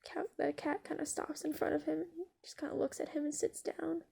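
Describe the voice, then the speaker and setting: A woman's voice: high-pitched, flat delivery, brisk, gravelly, dark tone. A woman telling an improvised story in a casual, rambling way, full of fillers and swearing.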